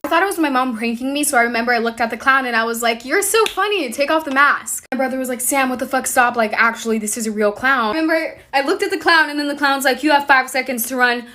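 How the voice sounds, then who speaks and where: A young woman with a bright, clear tone and a slightly higher voice tells a casual storytime. She is animated and swears freely as she goes. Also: fast talker, few pauses, slight background noise.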